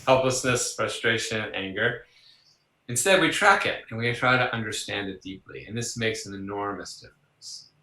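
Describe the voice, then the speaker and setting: Over poor, roomy-sounding audio, a man with a fairly low voice speaks at a normal pace. As an interviewed psychologist, he recounts personal anecdotes conversationally, laughing and doing the voices of the people he quotes.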